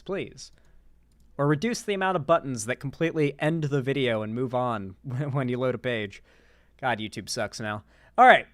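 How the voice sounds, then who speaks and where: A man's voice: on the high side, fairly bright tone, dry recording, studio quality. A man with a sore throat giving rambling, profane live-stream commentary, full of sarcastic asides.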